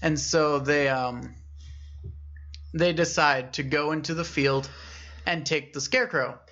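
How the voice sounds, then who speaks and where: A young man co-hosting a podcast, casually retelling a scary story and voicing its characters with lively shifts in pitch. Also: a little slow, dull audio. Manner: animated storyteller, acts out characters with raised pitch. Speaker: podcast co-host.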